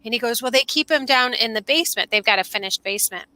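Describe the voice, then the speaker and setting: Animated woman telling a story, bright voice. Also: on the high side, quick pace, no room sound. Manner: animated, acts out quoted voices. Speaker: podcast co-host. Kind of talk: casual storytelling chat. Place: outdoors under an umbrella.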